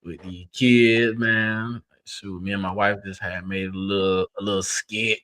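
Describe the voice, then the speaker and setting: Male guest, very low voice, laid-back and slangy. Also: a little slow. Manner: relaxed, slangy, rambling. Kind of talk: casual live-stream chat.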